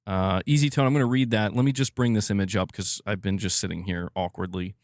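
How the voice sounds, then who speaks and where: A man's voice: fairly low pitch, fairly even intonation, fast talker, dry recording, studio quality. Profane, blunt male live streamer. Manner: blunt, profane, laughs often. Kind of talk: casual live-stream chat.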